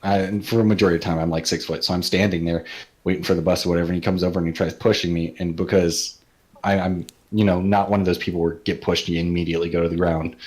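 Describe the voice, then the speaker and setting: Very deep-voiced young man from California. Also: level tone, fast, darkish tone. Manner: laid-back, with fillers and hesitations. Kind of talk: casual storytelling chat.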